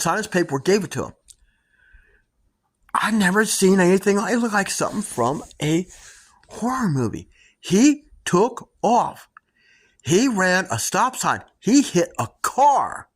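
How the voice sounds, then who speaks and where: A middle-aged woman telling her own stories to viewers in an animated, dramatic way. Her pitch sits mid-range but swings widely as she builds the tension. The delivery is casual, like a host chatting on her channel.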